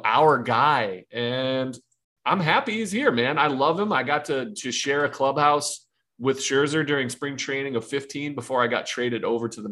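A man's voice: medium pitch, fairly bright tone. A laid-back man talks shop on a sports podcast. He is chatty and easygoing, with a mid-range voice and a ready laugh. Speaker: co-host, former player. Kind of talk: casual sports chat.

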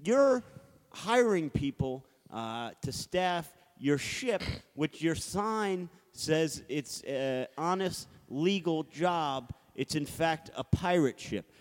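A man's voice: fairly high pitch, animated, slow pace. Man hosting a comedy podcast. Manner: bossy, sets up improv sketches. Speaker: podcast host. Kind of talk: casual comedy podcast chat. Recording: reverberant room.

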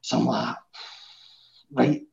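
A man's voice: steady tone, slow, creaky, a little mellow. Glaswegian man in his thirties telling a story. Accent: Scottish, Glaswegian. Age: 30s. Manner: chatty, swearing, dropping to a low mutter for his inner thoughts. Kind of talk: casual storytelling among friends. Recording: echoey room, muffled sound.

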